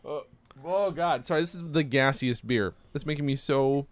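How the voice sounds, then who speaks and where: A man hosting a podcast in casual chat, animated and swearing freely, his pitch jumping up and down and laughs breaking in. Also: normal speed. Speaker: podcast host.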